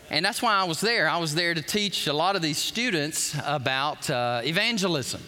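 Lively high-voiced preacher. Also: male voice, in a large hall. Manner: animated storytelling, acts out quotes. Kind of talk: sermon.

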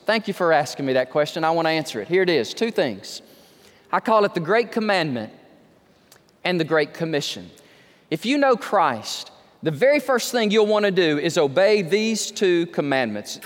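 High-voiced pastor preaching in a hall. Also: male voice. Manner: emphatic, slows down to stress key words; acts out quoted conversations with raised pitch. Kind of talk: sermon. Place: church sanctuary. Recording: long hall reverb.

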